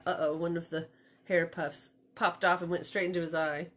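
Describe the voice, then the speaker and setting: A woman librarian reading a picture book aloud to children, expressive and storytelling, with chatty asides. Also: lowish voice, moderate pace.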